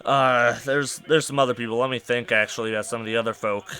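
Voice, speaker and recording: A young man hosting a podcast, ranting casually and with exasperation, his voice climbing to near-shouts. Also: medium pitch, steady tone, fast. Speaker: podcast host.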